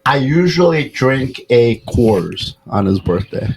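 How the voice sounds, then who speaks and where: A man's voice: medium pitch, big pitch swings, slow, a little mellow, slightly rough, low-quality recording. A man hosting a podcast, telling stories in a loose, profane, casual way with plenty of fillers. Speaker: podcast host.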